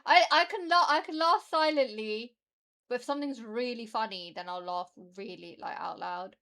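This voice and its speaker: A woman's voice: on the high side, normal speed, fairly bright tone. A British woman streamer chatting casually and rambling, laughing often as she reacts to her chat.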